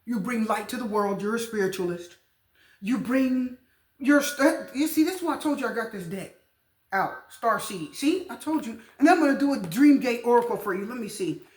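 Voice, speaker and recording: A fairly high-voiced woman gives a casual tarot reading straight to camera, chatty and emphatic, circling back to repeat her points. Her voice rings in an echoey room, picked up by the camera mic. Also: expressive, moderate pace. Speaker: tarot reader.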